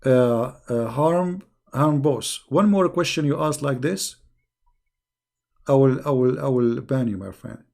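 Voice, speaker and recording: Gravelly, emphatic man scolding his viewers. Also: medium pitch, unhurried, a little mellow. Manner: restarts often, repeating words. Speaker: online show host answering viewer questions. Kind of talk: live stream Q&A commentary.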